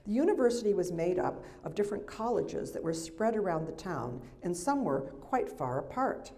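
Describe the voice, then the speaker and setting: A woman's voice: lowish voice, big pitch swings, normal speed, warm tone. An older woman, an author, reading her memoir at a live library event, with wry, chatty asides into a microphone. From United States. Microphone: handheld or stand mic.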